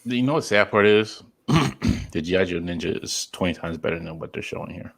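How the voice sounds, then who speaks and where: A man's voice: deep voice, brisk, gravelly, a bit bright. A man co-hosting a podcast in casual chat, rambling, apologizing and swearing freely. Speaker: podcast co-host.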